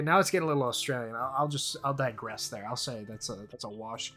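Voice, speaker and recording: Male player, bright voice, rambling jokey delivery, faint music bed. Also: mid-range voice, fast, few pauses. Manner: joking, rambling, swears often. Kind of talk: casual tabletop game chat.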